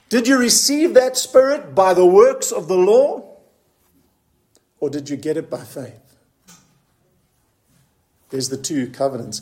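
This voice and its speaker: A man with a high voice delivers a sermon. He talks earnestly and keeps asking the congregation questions. He slows down whenever he reads scripture aloud. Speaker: preacher.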